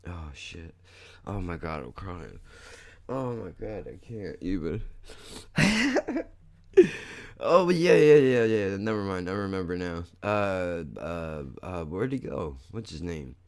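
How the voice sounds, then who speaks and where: A man hosting a podcast, chatting casually and excitably with lots of swearing and laughter as he reacts to clips. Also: low-pitched, slow pace. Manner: excitable, profane, laughs often. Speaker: podcast host.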